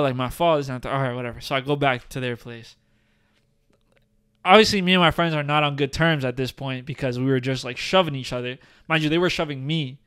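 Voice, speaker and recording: A man's voice: a little high, clear, resonant tone. A young man, a podcast co-host, telling a story in casual chat, full of "like" and "bro". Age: young adult. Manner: animated storytelling, heavy use of "like" and "bro". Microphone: studio podcast mic, seated.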